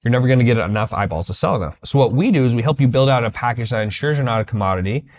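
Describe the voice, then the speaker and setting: Quick blunt guy coaching sales, acts out calls, swears a bit, mid pitch. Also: animated, darkish tone. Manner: blunt, emphatic, acts out sales-call dialogue. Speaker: business coach. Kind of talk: sales training talk.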